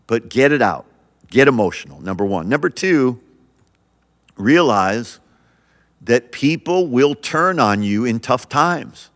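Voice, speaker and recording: A man's voice: medium pitch, big pitch swings, takes it slowly, pauses often, fairly bright tone, big-room sound. A male pastor hosting a podcast, talking earnestly and encouragingly, often restarting his sentences. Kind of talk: podcast sermon.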